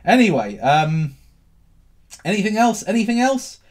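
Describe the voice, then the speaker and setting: A man hosting a casual livestream about crypto, answering viewer questions in a cheeky, animated way. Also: high-pitched, measured pace. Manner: animated and cheeky, swinging between loud bursts and mutters.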